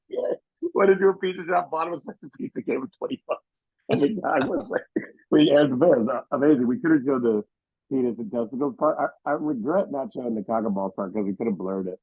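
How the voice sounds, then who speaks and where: A comedian telling prank stories in a casual interview, lively and blunt, recorded on a video call. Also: male voice, brisk, husky, dry recording, narrow, tinny audio. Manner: animated storyteller, acts out quoted people in high voices. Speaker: comedian and prank show host, guest.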